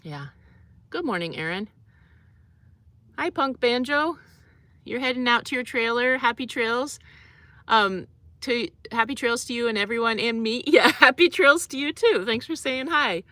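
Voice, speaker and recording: A woman's voice: a little high, animated, unhurried, pauses often, pushed and bright, no room sound. A young woman hosting a casual livestream, chatting loosely with lots of fillers and laughs as she reads comments. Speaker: livestream host.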